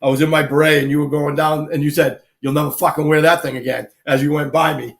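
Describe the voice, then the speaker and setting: A man, casually telling lively army anecdotes on a live talk show and acting out the people he quotes. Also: on the high side, quick pace, gravelly. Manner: animated anecdotes, acts out quoted people, laughs often. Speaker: guest storyteller, army veteran.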